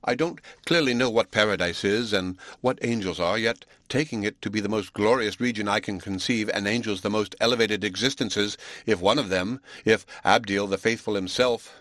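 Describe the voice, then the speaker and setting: A man's voice: fairly low pitch, moderate pace, few pauses, fairly bright tone, no room sound, studio quality, close to an everyday voice. A man voicing a proud, spirited young Swiss woman teacher in an audiobook, speaking earnestly and defiantly.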